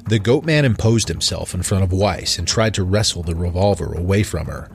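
A man with a fairly low voice reads a horror tale aloud, measured and deliberate in his delivery. Faint music plays softly behind him. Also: lively intonation. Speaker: narrator. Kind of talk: dramatic horror story narration.

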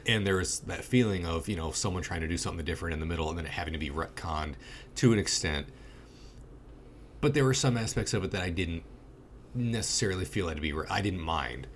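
A man's voice: low-pitched, lively intonation, quick pace, slight background noise. A young man rambling casually and swearing now and then while reviewing a movie with a friend.

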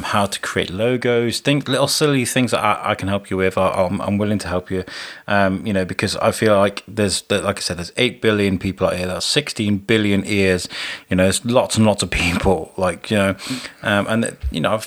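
A man's voice: fairly low pitch, a bit bright. A man hosting a podcast, chatting casually and rambling with lots of filler words. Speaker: podcast host. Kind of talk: casual chat and outro.

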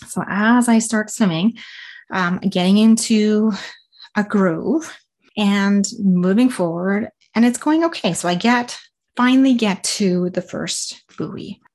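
A woman's voice: mid-range voice, slow, a little mellow. A woman telling a story in a loose, chatty way. She often stops to restart a thought and fills the gaps with small fillers. She also breaks off to give listeners direct, practical advice. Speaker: triathlete recounting a race. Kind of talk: casual spoken storytelling.

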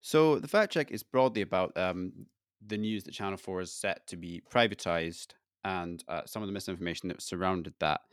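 A man with a fairly low voice hosts a podcast in casual chat, trading dry jokes with his co-host. The sound is close and dry, with no room around it. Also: normal speed, clean tone, no echo. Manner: dry, joking banter.

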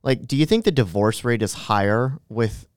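A man hosting a casual interview, chiming in with quick, curious questions. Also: medium pitch, clean tone, no room sound, studio quality. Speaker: podcast host.

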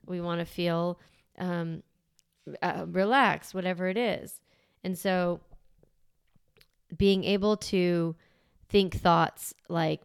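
A woman's voice: on the low side, steady tone, slow, pauses often, smooth, dry recording, clean studio sound. A woman in her thirties hosting a solo parenting podcast, talking in an encouraging, conversational way and acting out the thoughts she describes.

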